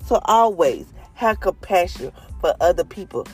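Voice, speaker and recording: A woman's voice: on the low side, very animated, moderate pace, darkish tone, soft background music. A middle-aged woman and mother giving an earnest faith testimony to her viewers, stressing her points by repeating phrases. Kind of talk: heartfelt faith talk to viewers.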